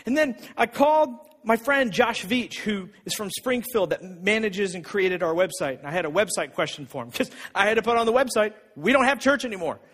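A man preaching a sermon as pastor, telling a personal story with emphatic, repeated phrases and a husky voice. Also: sits high, expressive, fairly quick, few pauses, a bit bright. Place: church sanctuary. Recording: long reverb of a church hall.

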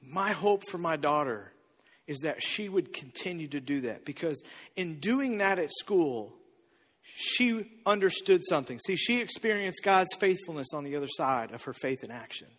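A male pastor preaching a sermon through personal storytelling, conversational, with repeated phrases and moments of hush. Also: on the high side, animated, moderate pace. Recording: long reverb of a large hall.

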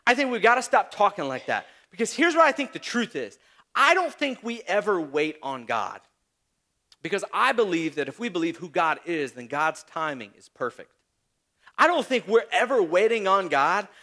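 Male pastor, very high voice, bright and sharp, lively sermon, mocking asides. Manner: animated storytelling with mocking asides.

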